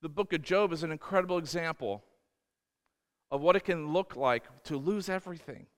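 A man's voice: on the high side, normal speed, clean tone, long reverb tail. A man preaching a sermon as pastor, emphatic and repeating words, often acting out voices in quotes. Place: church.

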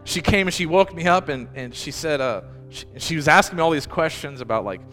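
A man's voice: a little high, animated, brisk, a bit bright, big-room sound, soft background music. A man pastor giving a personal sermon, earnest and close to tears, often restarting his sentences. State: emotional, near tears. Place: church.

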